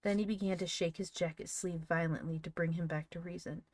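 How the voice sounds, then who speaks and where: Low-voiced woman reading a storybook. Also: fairly even intonation, fairly quick, darkish tone, dry recording. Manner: reads aloud with occasional slips. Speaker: audiobook reader. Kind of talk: storybook narration.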